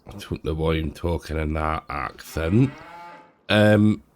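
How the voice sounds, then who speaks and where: A man's voice: extremely low pitch, takes it slowly. A middle-aged man rambling through casual gameplay commentary, with lots of ums and restarts. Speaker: gaming YouTuber.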